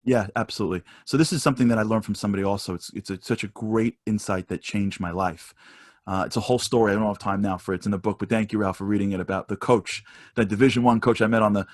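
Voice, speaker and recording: Fast-talking man, low voice, dry mic. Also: fairly even intonation, no echo. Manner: fast, many restarts, voice rises when storytelling. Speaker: motivational speaker. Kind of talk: animated storytelling talk.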